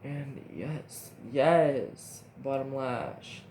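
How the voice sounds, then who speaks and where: A young man chatting his way through a makeup tutorial, rambling and easily excited, with his voice sitting in a middling pitch. He often talks to himself as he films on a phone, and a steady hiss of background noise runs under the recording. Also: normal speed. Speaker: makeup vlogger. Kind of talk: casual makeup tutorial chat. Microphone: phone camera.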